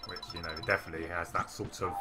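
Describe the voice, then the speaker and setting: Low-voiced man chatting game trivia. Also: flat delivery, quick pace, loud music behind the voice. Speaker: streamer co-host. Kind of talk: casual chat while watching games.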